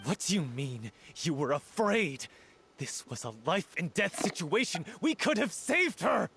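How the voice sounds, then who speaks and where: A man's voice: high-pitched, sing-song, a little slow, creaky, fairly bright tone, a little hiss or hum, full character voice. A man voicing a grieving, hot-tempered young troupe actor in a game cutscene, hurling accusations. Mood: furious.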